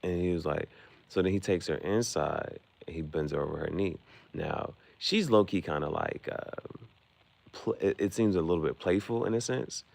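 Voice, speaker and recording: A man's voice: sits low, moderate pace, creaky, a little mellow. A man, casually recapping a movie in a rambling way, full of fillers. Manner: rambling, full of fillers like "you know what I'm saying". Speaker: vlogger.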